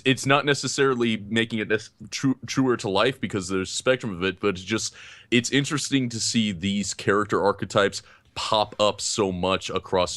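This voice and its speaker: A man co-hosting a podcast, giving a casual film review in an animated, self-deprecating way and laughing often. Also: lowish voice, no room sound. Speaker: podcast co-host.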